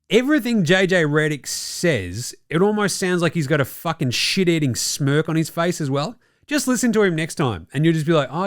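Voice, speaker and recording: A man with a voice on the high side, recorded in clean studio sound without echo, hosts an Australian basketball podcast. Expect profane rants, blunt opinionated commentary, and mocking quoted voices.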